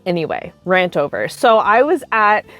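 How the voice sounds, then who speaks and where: A woman's voice: mid-range voice, normal speed, soft background music. A woman in her thirties telling cosplay stories in a casual, chatty way, filling her sentences with "like". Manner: chatty, animated, heavy use of filler "like". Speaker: cosplay vlogger. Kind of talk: casual storytime.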